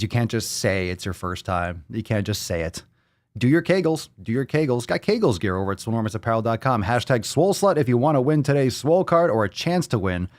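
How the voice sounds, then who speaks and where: A man hosting a live podcast stream, talking loudly and excitedly, repeating phrases and swearing often. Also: lowish voice, no room sound. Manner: plays soundboard clips. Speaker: podcast host.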